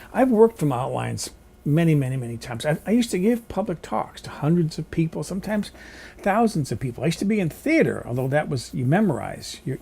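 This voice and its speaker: Guy rambling on in his home vlog, lively up and down voice, gravelly and a bit husky. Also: fairly high pitch. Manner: chatty, rambling, opinionated. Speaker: vlogger. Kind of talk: casual rambling monologue. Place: home kitchen.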